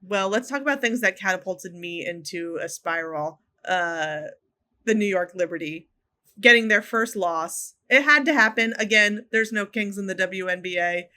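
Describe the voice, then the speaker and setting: Bright-voiced joking woman co-host. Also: mid-range voice, moderate pace. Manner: playful, jokey, echoes her co-host. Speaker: podcast co-host. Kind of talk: casual sports chat.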